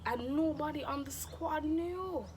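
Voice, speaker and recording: A young woman chats through a dramatic storytime, animated and expressive. Her voice sits a little high. A faint hiss lies under the recording. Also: unhurried. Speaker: vlogger. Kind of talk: casual storytime.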